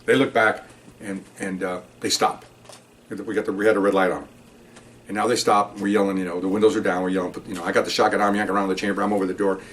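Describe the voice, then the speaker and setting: A man, a retired police officer, telling a story from his years on the job in a casual, animated way, playing the voices of the people in it. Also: low voice, fast, distant mic. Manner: animated, acts out voices in the story, chuckles often.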